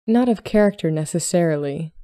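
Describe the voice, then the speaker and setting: A woman reading a story aloud, voicing a flustered young lady at a ball who answers quickly and defensively. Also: fairly low pitch, animated, dark tone, lightly acted.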